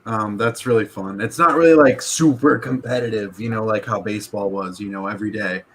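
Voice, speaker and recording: A man's voice: lowish voice, fairly quick, fairly bright tone, a little hiss or hum. A young man chatting casually as a guest on a live stream, laid-back and laughing, with lots of "dude" and "like". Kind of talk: casual chat.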